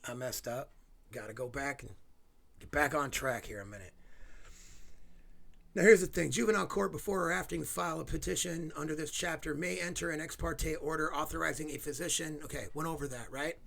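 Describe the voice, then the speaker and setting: A man delivers a heated, sarcastic rant, swearing as he goes. His voice sits a little high and has a gravelly edge. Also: a little fast, a bit bright. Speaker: video host. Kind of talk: angry ranting commentary.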